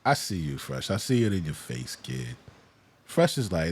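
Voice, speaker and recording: A man's voice: low-pitched, very animated, moderate pace, slightly rough. A man hosting a reaction video, casually commenting and mockingly imitating the people in the clips. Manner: laid-back, mocking, mimics clip speakers.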